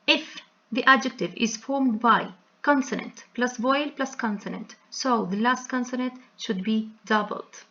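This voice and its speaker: A woman teaching an English grammar lesson in a slow, explanatory way, spelling out word endings letter by letter. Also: fairly high pitch, pushed and bright, lo-fi sound.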